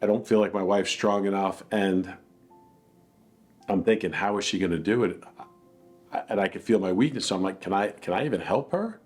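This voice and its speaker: A man's voice: sits low, moderate pace, pauses often, faint music behind. A man earnestly telling a personal account in a plainspoken, reflective way. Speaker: dog attack victim telling his story.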